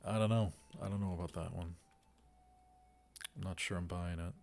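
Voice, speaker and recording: A man's voice: deep voice, level tone, normal speed, gravelly, a little mellow, faint music behind. A man casually commenting on a strategy game as he plays, musing wryly to himself. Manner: musing, wry, talks to himself while playing. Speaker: let's play gamer.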